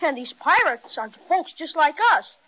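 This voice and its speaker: A woman's voice: high-pitched, animated, normal speed. An actress voicing a brave young boy in an old radio play, eager and folksy. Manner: eager, folksy kid talk. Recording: dull old radio recording.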